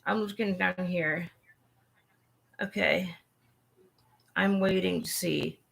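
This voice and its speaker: A woman hosting a casual livestream chat, talking earnestly and haltingly with frequent restarts. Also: medium pitch, fairly bright tone. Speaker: livestream host.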